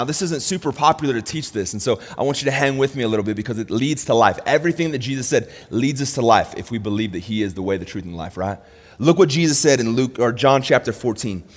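A man preaching a sermon, swinging from loud, raised emphasis to quiet, low asides. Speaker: pastor. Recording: long hall reverb.

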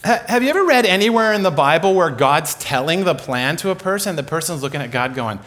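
A man's voice: a little high, lively intonation, quick pace, few pauses, a bit bright. A man preaching a sermon, telling comic stories with lots of laughter. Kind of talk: sermon storytelling.

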